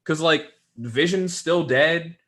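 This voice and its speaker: A man's voice: a little high, slow, a bit bright. A young man co-hosting a casual chat show, rambling through his thoughts with lots of fillers and the odd mocking aside. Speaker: podcast co-host.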